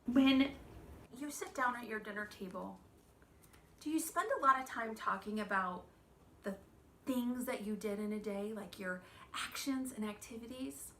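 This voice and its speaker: Woman, 30s, children's church teacher, bright voice, a bit high, expressive, faint background hiss. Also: unhurried. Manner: gentle, expressive, asks children questions. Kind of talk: children's lesson.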